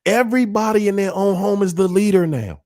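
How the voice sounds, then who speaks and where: A man's voice: high-pitched, a little fast, a little mellow. Man, livestream host, preachy, repetitive, emphatic, talks to viewers directly. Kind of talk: casual livestream talk.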